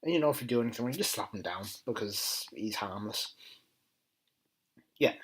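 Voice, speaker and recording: A man talks through a TV episode in a casual, enthusiastic way. His voice swings up and down a lot and has a faintly husky grain. Now and then he mutters quieter asides. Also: on the low side, expressive, moderate pace, poor audio. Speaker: TV episode reviewer. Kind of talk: casual spoken review.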